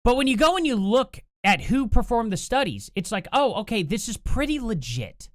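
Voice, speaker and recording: A host ranting in casual political commentary from a home setup, sarcastic and animated, with laughing asides, recorded on a computer mic without a compressor. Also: mid-range voice, moderate pace, dry recording, clean studio sound.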